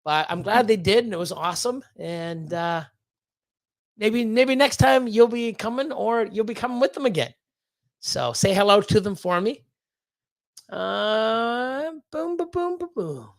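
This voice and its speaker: High-voiced rambling livestream host man. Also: fairly bright tone, no echo. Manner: rambling, swearing, repeats words and fillers. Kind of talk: casual livestream chat.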